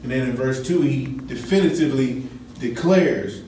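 A man's voice: medium pitch, normal speed, warm tone, slight background noise. Man teaching a Bible class in an echoey room. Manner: conversational, asks the class questions. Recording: echoey room, mic at a distance.

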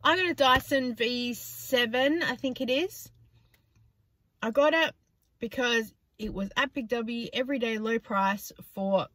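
A chatty middle-aged Australian woman telling stories in a casual vlog, breaking into laughs and animated retellings. Her voice is bright and forward, recorded close and dry with little room sound. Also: a little high, a little slow, dry recording. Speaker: vlogger.

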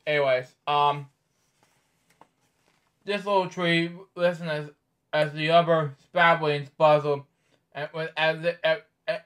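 Male host, bedtime read-aloud, stumbling and chatty, voice on the higher side. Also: fairly bright tone. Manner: halting reading with stumbles and offhand commentary. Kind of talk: reading a picture book aloud with casual asides.

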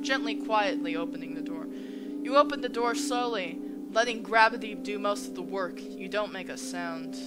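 A woman playing a visual novel, reading its narration aloud and reacting with stunned exclamations. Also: mid-range voice. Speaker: let's play gamer. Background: game music.

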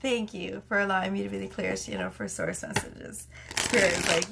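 Woman tarot reader, chatty and giggly, gravelly fry in her voice, faint noise behind. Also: medium pitch, expressive, normal speed. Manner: giggly, chatty, laughs through her words. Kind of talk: casual tarot reading.

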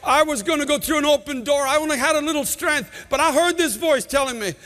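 A pastor preaching an impassioned sermon, his voice often rising to shouts. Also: very high voice, quick pace. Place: large church sanctuary. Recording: long church reverb.

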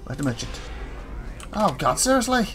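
A let's play gamer giving casual gameplay commentary, chatting to the game's characters and breaking into quick excited outbursts. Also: mid-range voice, faint music behind.

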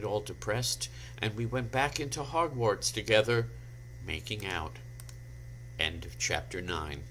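A man reads aloud for laughs at a slow, deliberate pace. His delivery is deadpan, his voice bright and lively in pitch. He breaks off now and then for dry asides, heard over a home video call mic. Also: a little hiss or hum. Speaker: guest reader. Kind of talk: comic dramatic reading.

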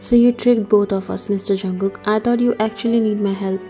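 A woman's voice: medium pitch, fairly even intonation, fairly quick, warm tone, soft background music, natural voice. A woman reading as a playful young wife. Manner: light, playful.

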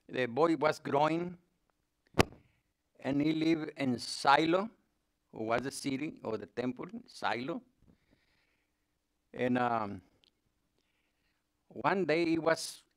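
Man, lay speaker, slow, broken English, halting Bible retelling, mid pitch. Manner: halting, with broken English grammar and many pauses. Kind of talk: retelling a Bible story to a group.

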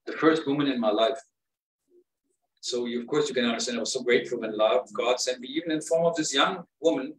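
A man talking through his pain in a rambling, emotional personal monologue as a vlogger. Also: medium pitch. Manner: pained, rambling, rising to upset outbursts. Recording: roomy sound from a distance.

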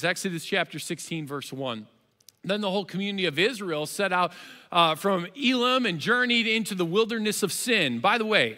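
A man preaching a sermon as pastor, telling the story with lively, animated delivery and acting out its characters. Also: sits high, big-room sound. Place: church auditorium.

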